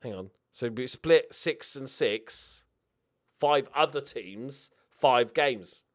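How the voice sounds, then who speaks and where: A young man giving excitable, jokey let's-play commentary with frequent swearing while talking to himself. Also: mid-range voice, takes it slowly. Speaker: video game streamer.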